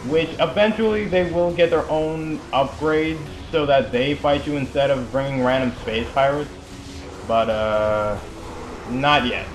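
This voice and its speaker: A young man with a mid-range, unhurried voice talks casually over a video game. As a let's play commentator, he rambles along with plenty of chatty asides and fillers.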